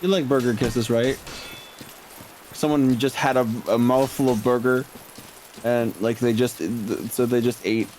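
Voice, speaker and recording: A man's voice: medium pitch, fairly even intonation, unhurried, a little mellow, slight background noise, low-quality recording. A man chatting playfully and jokingly with friends on a live stream. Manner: playful and silly. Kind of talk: casual chat. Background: game music.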